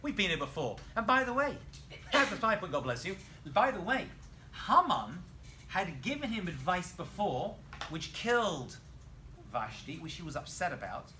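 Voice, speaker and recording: A man, a rabbi, teaching a lively Bible lesson in a classroom, telling the story with animation and quizzing his students. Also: sits high, moderate pace, a little hiss or hum.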